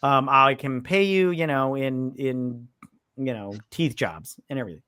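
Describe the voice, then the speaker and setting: A man's voice: medium pitch, unhurried, pushed and bright, clear, resonant tone. A man co-hosting a casual movie review, retelling scenes and mimicking characters' lines. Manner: retells scenes, quoting characters in mock voices. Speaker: podcast co-host.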